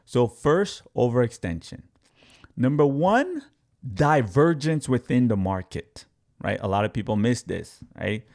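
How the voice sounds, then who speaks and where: A young man giving casual, energetic live-stream commentary on crypto trading, repeating himself and talking straight to his viewers. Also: medium pitch.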